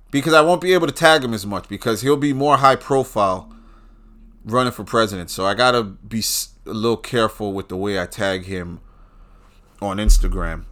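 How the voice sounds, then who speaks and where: A man delivering a profane political rant, swinging between low muttering and loud outbursts.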